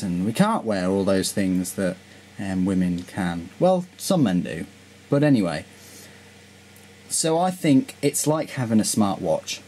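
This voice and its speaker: Guy talking slow and low about his knives, relaxed, faint hum behind. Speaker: vlogger reviewing his knives. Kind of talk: casual show-and-tell.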